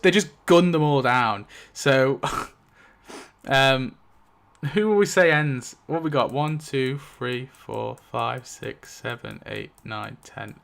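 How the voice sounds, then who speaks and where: A man on his own channel recaps a story rewrite settled by dice. He rambles and fills every gap with "like," often breaking into chuckles, in a voice of ordinary male pitch. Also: vocal fry, fairly bright tone. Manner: rambling, full of "like" fillers and chuckles. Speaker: YouTube host. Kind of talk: casual narration of a dice-rolled story rewrite.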